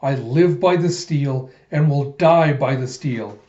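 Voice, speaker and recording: A man voicing a furious, vengeful male samurai robot warrior in a grave, slow declaiming way. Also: mid-range voice, a little mellow, natural voice. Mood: grim. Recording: roomy, muffled home recording.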